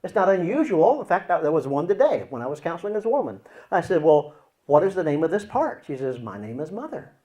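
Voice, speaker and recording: A man teaching as a Christian counselor, explaining with acted examples and swinging between loud and hushed delivery. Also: a little high, big pitch swings, quick pace.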